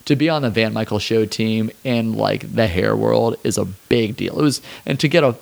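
A young adult man, a drummer and hairstylist, telling stories in a relaxed, rambling interview chat. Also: lowish voice, moderate pace, creaky. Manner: relaxed, rambling, peppered with "like" and swearing. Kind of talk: casual interview storytelling.

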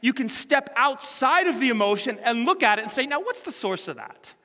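A man preaching a sermon as pastor, animated and full of rhetorical questions to the congregation. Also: very high voice, a little fast, long reverb tail.

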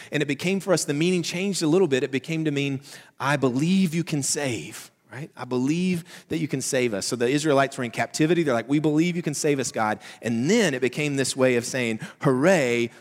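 Southern male pastor, conversational sermon, loud-to-hushed swings, reverberant hall. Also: a little high.

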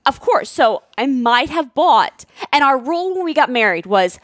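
A high-pitched woman talks at a moderate pace, recorded dry with clean studio quality. She's telling a story in casual conversation alongside her husband, animatedly acting out quoted voices and leaning heavily on fillers like "like."

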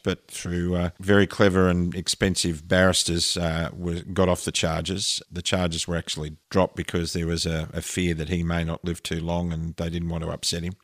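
A man with a very low, deep voice tells a deeply personal story, earnest and emotional, often restarting his sentences. The sound is dry and close, with no room around him. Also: no room sound. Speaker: interview guest. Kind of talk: personal story told in conversation.

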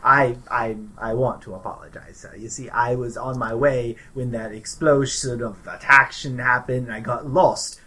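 A man's voice: medium pitch, fairly even intonation, normal speed, hardly any pauses, pushed and bright, poor audio. A man voicing a humble young male apprentice who is nervous, stammering, and overly polite. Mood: deferential.

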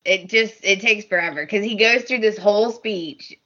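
A woman's voice: mid-range voice, moderate pace, highs cut off. A woman co-hosting a podcast, chatting casually about a soap opera and acting out the characters' lines with lots of laughs. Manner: animated, acts out characters' lines, laughs often. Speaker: podcast co-host.

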